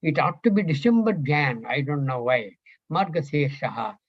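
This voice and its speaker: An older man teaching a scripture class, slow and thinking aloud as he quizzes his students. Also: fairly high pitch, very animated, dry recording. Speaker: Gita teacher. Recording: dull lo-fi recording.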